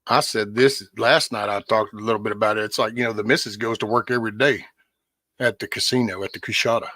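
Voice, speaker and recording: A man's voice: on the low side, steady tone, quick pace, pushed and bright, dry recording. A man hosting a casual livestream, ranting bluntly with lots of swearing and answering viewers' chat by name. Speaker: livestream host.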